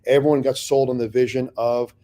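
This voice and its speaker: A man's voice: medium pitch, flat delivery, fairly quick, mellow. A man candidly telling stories from his real estate investing career in an interview, blunt and often profane, acting out past conversations.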